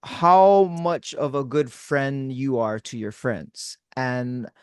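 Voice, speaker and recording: A man's voice: medium pitch, slow pace, smooth, no echo, studio quality. A man in his forties from Hawaii hosting a podcast, talking in an easygoing, laid-back way. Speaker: podcast host. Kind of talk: casual podcast interview.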